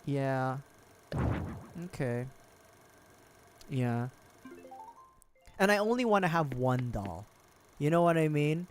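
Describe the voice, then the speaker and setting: A man's voice: on the high side, lively intonation, slow, long pauses, faint music behind. A man streaming a life-sim game, rambling casually and jokingly to his chat and laughing often. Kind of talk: casual gaming livestream chat.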